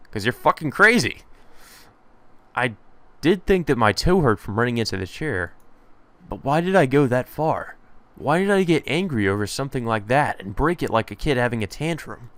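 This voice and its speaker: A man's voice: mid-range voice, big pitch swings, normal speed, fairly bright tone, no echo. A man hosting a let's play, reading a visual novel aloud with sarcastic, profane asides.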